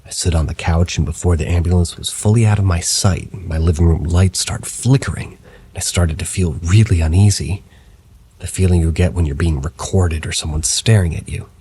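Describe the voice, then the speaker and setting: A man with a husky voice narrates first-person supernatural stories from a script, his tone low and even like a storyteller's. A faint hiss or hum can be heard.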